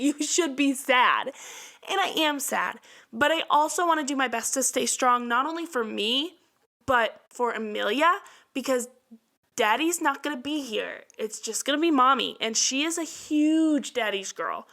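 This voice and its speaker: Bright-voiced woman in casual monologue. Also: fairly high pitch. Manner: candid, emotional, chatty with frequent fillers. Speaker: podcast host. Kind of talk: casual personal podcast monologue.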